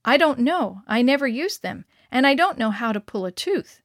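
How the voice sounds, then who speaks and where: A woman's voice: high voice, big pitch swings, moderate pace, dry recording, studio quality. A woman voicing a flustered, practical nurse and wife in a read-aloud story.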